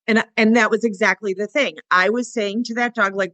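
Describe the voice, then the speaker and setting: A woman's voice: a little high, normal speed, few pauses, a bit bright, no echo. A woman co-hosting a podcast, telling a dog training story casually. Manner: anecdotal storytelling with laughs. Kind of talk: casual conversational interview.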